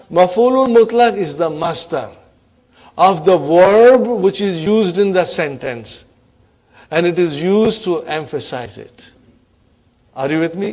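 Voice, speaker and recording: A middle-aged man teaching an Arabic grammar class, encouraging students and quizzing them with quick questions. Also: fairly high pitch, a little mellow. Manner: quotes Arabic phrases slowly. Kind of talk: classroom lecture.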